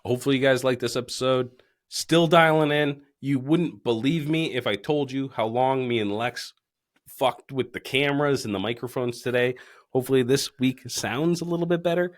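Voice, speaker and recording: A man's voice: mid-range voice, normal speed. A man hosting a casual podcast, joking and swearing freely while drinking beers. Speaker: podcast host. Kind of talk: casual chat.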